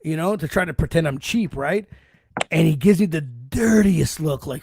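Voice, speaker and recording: Gravelly, high-voiced podcast host. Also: male voice, expressive, normal speed, a little mellow. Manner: loose storytelling, swears often, laughs between lines. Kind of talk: casual podcast chat.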